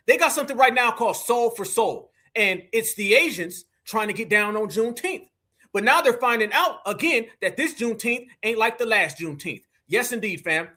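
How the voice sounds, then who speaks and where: A man's voice: high voice, animated, normal speed, pushed and bright. A man hosting a live commentary stream, talking in an emphatic, preachy way with lots of slang. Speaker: livestream host.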